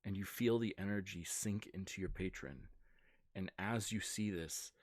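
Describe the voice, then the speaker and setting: A man running a tabletop game on a livestream, rattling off rules quickly and slowing down for dramatic narration. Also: low-pitched, no room sound, clean studio sound. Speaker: game master.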